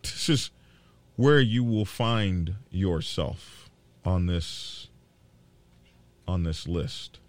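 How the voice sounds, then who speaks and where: A man hosting a biker news show, talking casually to his viewers in a halting, indignant way with many fillers and repeated words. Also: deep voice, lively intonation, no room sound. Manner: worked up and indignant.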